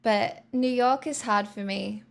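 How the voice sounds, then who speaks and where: An Australian woman chats with her live stream audience in an easy, rambling way, peppering her talk with "like." She speaks slowly and unhurriedly. Her voice has a gravelly fry running through it. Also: a little high, steady tone. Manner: rambling, chatty, lots of "like" fillers. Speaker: live streamer chatting with viewers. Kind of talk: casual chat.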